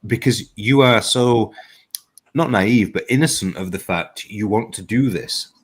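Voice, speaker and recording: A man's voice: on the low side, measured pace, slightly rough. A man, hosting a casual live-stream chat show, blunt, sweary and teasing. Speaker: host.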